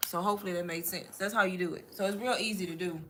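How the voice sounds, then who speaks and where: A woman's voice: fairly low pitch, fairly even intonation, quick pace, fairly bright tone, slight background noise. A woman teaching in a casual live Q&A, chatty and instructive, often addressing the listeners as y'all. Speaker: online marketing coach.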